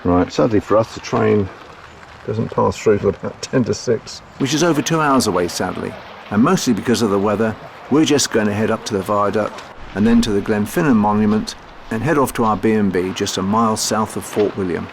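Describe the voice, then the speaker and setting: A man's voice: lowish voice, brisk, creaky, slight background noise. A man narrating his own road-trip vlog in a chatty, jokey way, mixing casual remarks with read-out facts. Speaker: travel vlogger.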